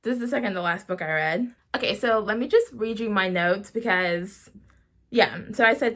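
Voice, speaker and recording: A woman's voice: mid-range voice, moderate pace, fairly bright tone. A woman chatting casually as a book vlogger, bubbly and rambling, often laughing as she gushes over what she read. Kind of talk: casual book review chat.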